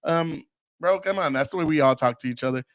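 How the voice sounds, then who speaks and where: A man with a fairly high voice talks bluntly and crudely, swearing freely in a casual podcast monologue. He acts out other people's voices mid-story. The sound is dry and close, with no room echo. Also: a little fast, a bit bright. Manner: tells stories by mimicking others. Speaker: podcast host.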